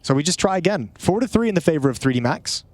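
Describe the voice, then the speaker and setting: A man giving lively play-by-play esports commentary with joking asides. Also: on the high side, fast, no room sound. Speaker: esports caster. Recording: noisy broadcast feed.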